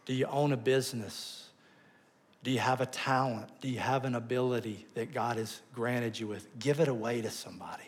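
Animated preacher, loud then hushed. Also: male voice, medium pitch, normal speed. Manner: animated storytelling, swings between loud bursts and soft asides. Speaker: pastor. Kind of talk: sermon.

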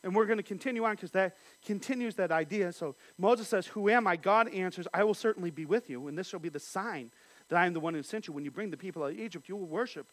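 A man's voice: high voice, fast talker, dry recording. A man teaching a Bible study, reading scripture passages aloud and then explaining them.

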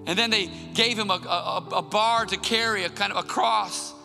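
High, gravelly-voiced man preaching a sermon. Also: steady tone, normal speed. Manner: earnest, emphatic preaching. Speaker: pastor. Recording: long hall reverb with soft music.

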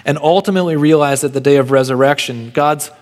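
A man preaching an earnest sermon as pastor, slowing down on key phrases. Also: a little high. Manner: earnest preaching, varied pace with slow emphatic phrases. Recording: long church reverb.

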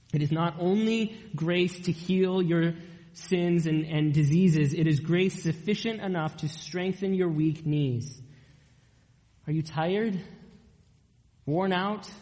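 A young man preaching a sermon, earnest and emphatic, drawing out key lines slowly. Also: high voice, darkish tone, big-room sound, low-quality recording. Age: young adult.

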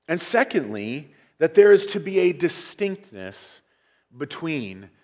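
A middle-aged man preaching a sermon as pastor, earnest, rising on emphatic points and dropping low at the ends of phrases. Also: sing-song, slow pace. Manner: earnest preaching with emphatic rises and hushed endings.

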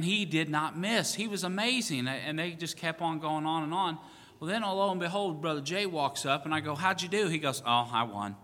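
A pastor man spins a playful, self-mocking story from the pulpit. His voice is bright and forceful, with a long echo trailing through the church hall. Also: medium pitch. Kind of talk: sermon. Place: church sanctuary.

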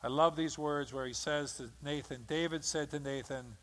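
A man preaches a sermon in a fairly high voice. He tells the story with drama and acts out the lines of the people in it. His voice rings out in a hall with long reverb. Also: normal speed, few pauses, a bit bright. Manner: dramatic storytelling, acting out quotes. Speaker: pastor.

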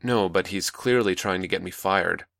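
A man voicing a sharp-tempered woman scientist, brisk and defensive, in a dry close recording. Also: deep voice, creaky, no echo. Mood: curt.

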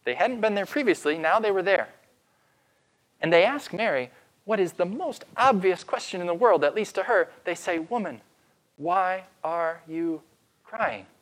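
A man preaching as pastor, retelling a story with dramatic pauses and slowing down for emphasis. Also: sits high, animated, fairly bright tone. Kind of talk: sermon.

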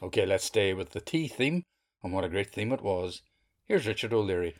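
A man's voice: lowish voice, animated, fairly quick. A man hosting a storytelling podcast, introducing the next teller in a friendly, upbeat way. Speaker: podcast host.

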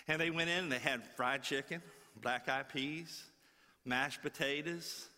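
Bright-voiced folksy preacher in a ringing hall. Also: male voice, on the high side, measured pace. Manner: folksy, animated, repeats words for effect. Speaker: guest preacher. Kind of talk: sermon with storytelling. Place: church before a congregation.

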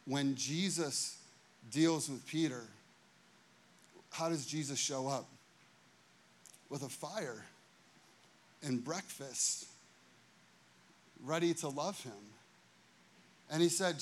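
A man in his thirties, a pastor preaching a sermon, telling a story with lively asides and acted-out quotes. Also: fairly high pitch, slow, pauses often. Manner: animated, acts out quotes, many "you know what I mean" asides.

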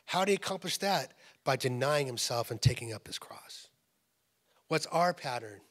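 A middle-aged man preaching a sermon as a pastor, talking in a loose, conversational way as he tells stories, and dropping to a hushed whisper to make a point. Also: mid-range voice, expressive, normal speed. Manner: conversational storytelling, drops to a hushed whisper for emphasis. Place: church.

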